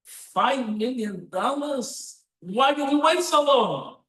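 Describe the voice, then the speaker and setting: A man's voice: very high voice, lively intonation, takes it slowly, a bit bright, echoey room, voice pushed up, heavily acted. A man voicing a wealthy grown son who is astonished and eager to help, firing off incredulous questions in a sermon anecdote.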